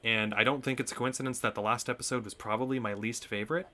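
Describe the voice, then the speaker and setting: A man in a casual podcast chat, speaking earnestly and haltingly with many ums. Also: medium pitch, steady tone, sharp tone.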